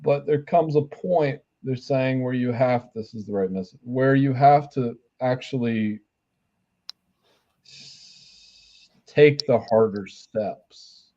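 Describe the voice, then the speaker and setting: A man doing a live spiritual reading, his mid-pitched voice slightly dull and lo-fi. He rambles, restarts his sentences and swears casually as he passes on messages. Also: slow pace, pauses often, mellow. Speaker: spiritual reader and healer.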